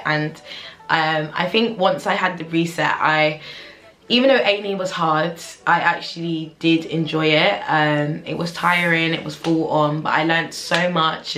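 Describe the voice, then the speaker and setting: Low, gravelly young woman. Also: a bit bright. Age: 20s. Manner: candid, chatty, heavy use of "like". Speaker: junior doctor. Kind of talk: casual vlog to camera. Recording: roomy echo with faint music.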